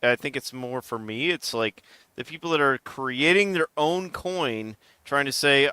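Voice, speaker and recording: A man's voice: mid-range voice, unhurried, pushed and bright, clean tone, no room sound. A man co-hosting a casual podcast, talking bluntly and swearing. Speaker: podcast co-host.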